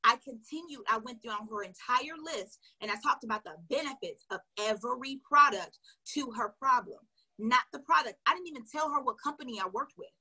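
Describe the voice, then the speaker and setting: A woman sales coach tells a story to her viewers in an animated way, acting out the dialogue and speaking to them directly. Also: fairly high pitch, brisk, husky.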